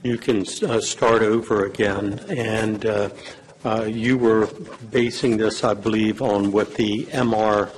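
A man giving legal advice at a public meeting, in a measured, halting way with many fillers, and losing his voice. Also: fairly low pitch, fairly even intonation, slight background noise, poor audio. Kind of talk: advising at a council meeting.

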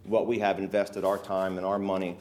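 A man, a local resident, giving earnest, emotional testimony at a public hearing, halting often with fillers. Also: deep voice, level tone, darkish tone, slight background noise.

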